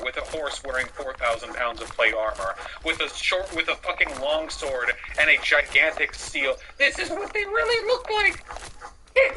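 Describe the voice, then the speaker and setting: A man's voice: a little high, sharp tone, slight background noise, rough recording. A man giving casual reaction commentary on a video, sarcastic and profane, rambling with lots of fillers. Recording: music playing underneath.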